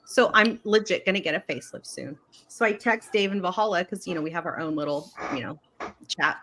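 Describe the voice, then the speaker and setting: A woman from California co-hosting a casual livestream, an animated, laughing storyteller. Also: on the low side, fairly quick, slight background noise. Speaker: co-host.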